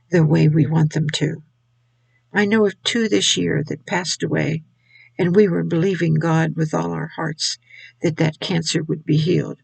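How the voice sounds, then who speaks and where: An older woman sharing a personal faith testimony in a halting way, often repeating her words as she talks. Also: lowish voice, vocal fry, slightly rough, no echo, rough recording. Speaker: Christian video speaker.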